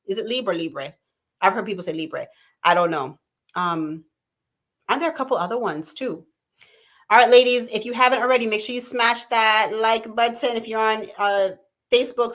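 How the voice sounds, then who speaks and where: A woman in her thirties hosts a live stream from home. She talks in a casual, chatty way, answers viewer comments one by one, and often adds "you know" and "right?". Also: on the high side. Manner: chatty, warm-hearted, reads viewer comments aloud. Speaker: talk show host.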